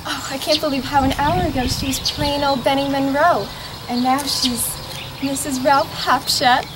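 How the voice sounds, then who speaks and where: A woman's voice: high-pitched, steady tone, normal speed, heavy background noise, close to an everyday voice. A woman playing a prim, gushing young woman in an amateur musical, talking breathlessly in a sing-song way. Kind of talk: amateur musical theatre dialogue.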